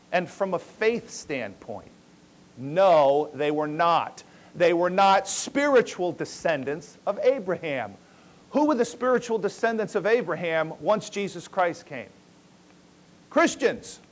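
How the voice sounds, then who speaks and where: In a church, a male pastor delivers an emphatic expository sermon, frequently checking in with his listeners. His voice is high-pitched and very animated, and he speaks slowly.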